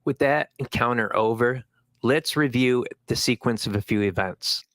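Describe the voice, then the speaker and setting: A man's voice: medium pitch, normal speed, fairly bright tone, dry recording. A man hosting a commentary channel who scolds and rants angrily at the people in the clips. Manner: angry, scolding rant. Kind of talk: recorded video commentary.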